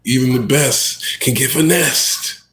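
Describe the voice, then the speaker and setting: Dude rapper telling a story on a livestream, slangy and animated, mid-pitched voice, echoey room. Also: male voice, slow, slight background noise. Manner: animated, slangy, full of asides to the listener.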